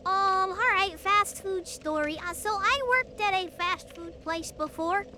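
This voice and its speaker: A young woman streamer telling stories to her chat in a casual, animated, blunt and profane way that climbs toward yelling. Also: very high voice, a little slow. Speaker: live streamer. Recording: clear background noise.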